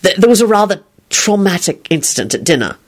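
A woman voicing a kindly, nervous man who speaks gently and stammers. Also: medium pitch, big pitch swings, brisk. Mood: gentle. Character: kindly nervous man, well-meaning teacher.

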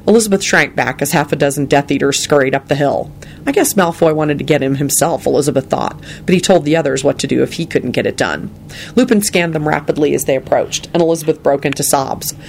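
Expressive, gravelly storybook reader. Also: mid-range voice, fast talker, a little hiss or hum. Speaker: narrator. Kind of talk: reading fan fiction aloud.

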